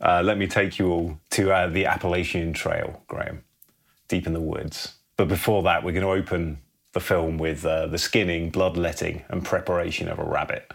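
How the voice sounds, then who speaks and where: A man with a very low, gravelly, husky voice, casually narrating a film pitch. His delivery is laid-back, often ending lines with "man". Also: moderate pace. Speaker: podcast co-host pitching a film.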